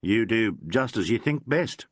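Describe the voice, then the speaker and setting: A loyal, plain-spoken junior officer, read by a man. The voice is husky and fairly low. The sound is dry and close. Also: animated, a little slow, no room sound. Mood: deferential. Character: loyal, deferential male police officer.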